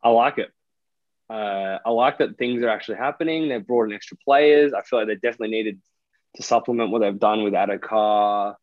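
A man's voice: lowish voice, a little fast, no echo. A young man with an Australian accent co-hosting a casual podcast, rambling with lots of fillers and restarts. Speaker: podcast co-host. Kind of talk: casual chat. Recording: dry, dull lo-fi sound.

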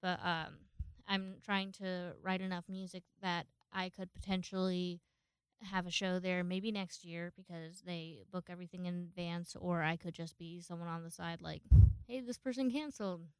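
Woman, podcast host, casual solo chat, rambling, swears a lot, smooth clear voice, dry close sound. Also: fairly low pitch, little pitch movement, normal speed, dry recording. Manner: rambling, swears freely, acts out quoted people.

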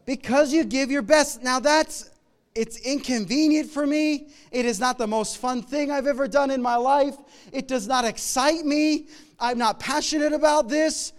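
A middle-aged man preaching a sermon in a conversational, humorous way, moving between loud emphatic lines and quiet asides. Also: extremely high pitch, normal speed, clear, resonant tone. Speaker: pastor.

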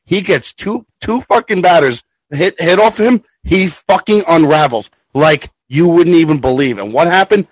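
A man's voice: a little high, lively intonation, moderate pace, few pauses, husky, no echo, low-quality recording. Angry, profane man ranting about sports. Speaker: podcast co-host. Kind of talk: casual sports chat.

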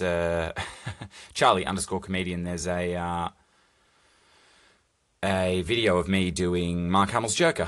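A man's voice: low voice, fairly bright tone. A young man hosting a solo podcast from his phone, rambling through casual, profane chat with jokey asides. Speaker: podcast host. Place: recording alone on a phone.

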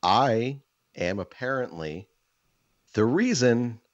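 A man's voice: mid-range voice, lively intonation, takes it slowly, no room sound, highs cut off. A man co-hosting a podcast, telling crude stories in casual chat and cursing freely. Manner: crude, joking storyteller who curses freely. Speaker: podcast co-host.

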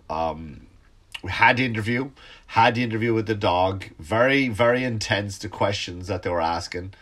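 A middle-aged stand-up comedian hosts a podcast in a slightly low voice that sounds stuffed up and sniffly from congestion. He rambles through a casual comic monologue, swearing freely and cutting himself off mid-sentence.

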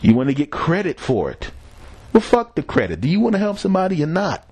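A man's voice: a little high, wildly swooping pitch, a little fast, darkish tone, slightly rough. A man hosting a podcast, telling a rambling, profane story in a casual solo monologue and chuckling at his own jokes. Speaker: podcast host.

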